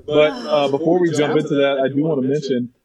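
A man's voice: fairly high pitch, fairly even intonation, quick pace, lo-fi sound, over a noisy crowd. A man hosting a casual in-person podcast, loose and swearing as he chats. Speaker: podcast host. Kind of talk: casual group chat. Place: shared room, in person.

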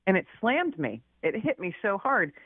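A woman's voice: mid-range voice, very animated, moderate pace, husky, no room sound. Chatty woman over a tinny phone line. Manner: chatty, laughs often, many fillers. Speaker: author guest. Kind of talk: casual storytelling.

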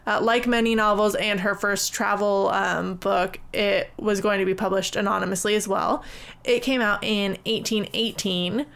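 A woman's voice: medium pitch, fairly even intonation, normal speed, vocal fry, a bit bright, smooth. A woman co-hosting a podcast, telling a history in a casual way with wry, dry jokes. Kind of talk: casual storytelling chat.

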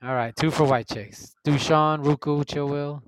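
A man's voice: fairly high pitch, steady tone, measured pace, crowd noise. A man hosting a casual online voice chat, calling out movie matchups and tallying everyone's votes in an upbeat way. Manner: calls out options and tallies votes, upbeat. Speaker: host running a movie vote.

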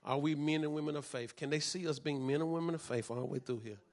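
A man, preaching a sermon as pastor, moving from calm teaching to shouted fervor. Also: on the high side, quick pace.

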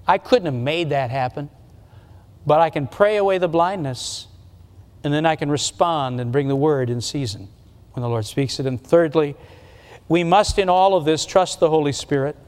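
A man's voice: on the high side, moderate pace, darkish tone, clear, resonant tone. A pastor preaching a sermon in an earnest, conversational way, often restarting his sentences. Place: church sanctuary. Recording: long reverb of a church hall.

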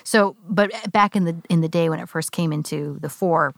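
A woman's voice: low-pitched, moderate pace, creaky, dry recording. A woman co-hosting a podcast, talking through ideas in a thoughtful, rambling way with many "like" fillers, into a studio microphone. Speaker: podcast co-host. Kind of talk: casual podcast discussion.

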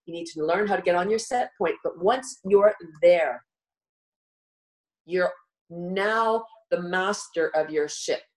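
Middle-aged woman, live-show guest, coaching warmly step by step, slightly low voice. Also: slow pace, low-quality recording. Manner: earnest coaching, walks listener through steps. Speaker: guest speaker. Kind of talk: live talk show teaching.

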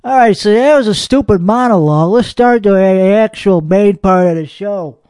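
A man's voice: high-pitched, normal speed, a little mellow, dry recording, natural voice. A man playing a foul-mouthed hothead comedian. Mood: angry ranting. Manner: profane ranting, rambling and belligerent. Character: hot-headed, foul-mouthed, boastful male comedian host. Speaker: podcast host. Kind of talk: comedic character monologue.

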